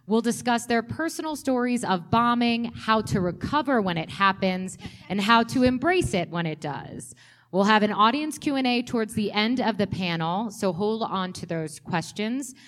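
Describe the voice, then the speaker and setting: A woman moderating a comedy festival panel, reading introductions in a clear, upbeat way. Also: on the high side, expressive, normal speed, a bit bright. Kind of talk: hosting a panel.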